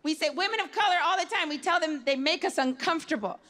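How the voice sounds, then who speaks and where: A woman's voice: sits high, quick pace, a bit bright. A woman stand-up comedian with a sardonic, pointed delivery. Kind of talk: stand-up routine.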